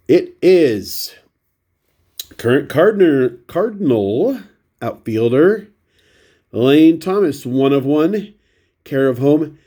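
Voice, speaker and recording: A man's voice: medium pitch, dark tone. A man with a runny, stuffy nose chatting casually through a stack of baseball cards, rambling and poking fun at himself. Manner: rambling, self-deprecating, shows cards one by one. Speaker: baseball card vlogger. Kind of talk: casual chat.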